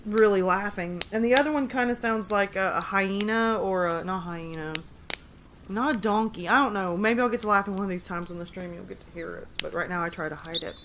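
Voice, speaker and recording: A chatty, giggly woman hosting a casual livestream, with her voice sitting at an everyday middle pitch. She talks straight to her viewers and reads short horror stories between remarks. A noisy stream recording leaves a steady hiss under her voice. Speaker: livestream host.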